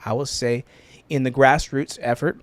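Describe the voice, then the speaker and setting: A man's voice: mid-range voice, steady tone, moderate pace, no room sound. A middle-aged man from California's Central Valley, a podcast producer interviewing his host in a casual, joking way, laughing often and restarting his sentences. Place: home podcast studio.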